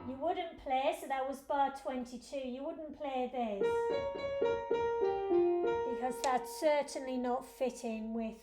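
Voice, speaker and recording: A woman's voice: sits high, steady tone, slow. A woman piano teacher giving a lesson, patiently explaining each step to her students. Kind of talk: instructional lesson. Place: room with a piano. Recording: roomy echo with faint piano.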